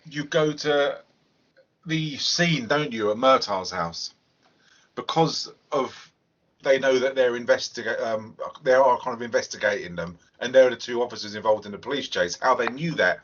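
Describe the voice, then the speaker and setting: A man's voice: mid-range voice, a bit bright. A man hosting a casual film review podcast, talking in a chatty, hesitant way. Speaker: podcast host. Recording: lo-fi podcast audio.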